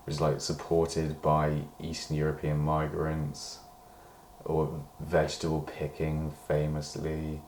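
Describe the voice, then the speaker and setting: A man's voice: extremely low pitch, completely flat delivery, slow pace, a little mellow, reverberant, slight background noise. A British man in a rambling personal diary monologue, meandering and hedging, swearing when he gets worked up. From Britain. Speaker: diary vlogger.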